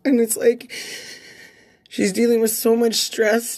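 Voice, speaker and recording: A woman's voice: medium pitch, steady tone, moderate pace, darkish tone. A woman in her thirties, crying as she makes an emotional, rambling plea in a vlog, swearing and repeating herself. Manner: raw, repetitive, swears, rallying plea.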